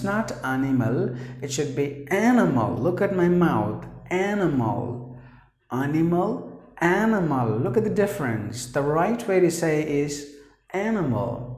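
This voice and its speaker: A man's voice: a little high, darkish tone. A man teaching English pronunciation, repeating each word and giving example sentences. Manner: repeats words slowly, gives example sentences. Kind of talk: pronunciation lesson. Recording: echoey room.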